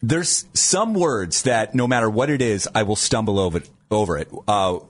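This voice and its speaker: A man's voice: on the low side, animated, moderate pace. A middle-aged man co-hosting a morning radio show, chatty and stumbling over words. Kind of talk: casual radio banter.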